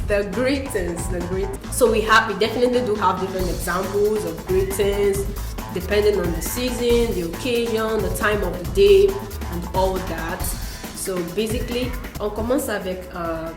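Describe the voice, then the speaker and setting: A woman's voice: medium pitch, normal speed, echoey room, music in the background. A woman co-hosting a casual bilingual lesson, patiently explaining French to learners and switching between French and English. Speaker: French teacher co-host.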